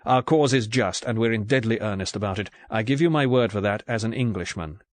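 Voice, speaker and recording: A man's voice: lowish voice, fairly quick, no echo, close to an everyday voice. A male audiobook reader voicing an earnest English secret agent, urgent and sincere. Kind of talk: audiobook character voice.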